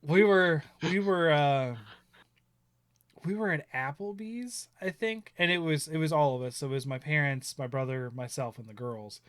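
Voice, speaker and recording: A man in his thirties, chatting on a casual live stream, with a fairly high voice. He rambles through stories, laughs often and acts out other people's lines. The sound is dry and close to the mic. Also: moderate pace, a bit bright, no room sound. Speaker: stream host. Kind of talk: casual chat.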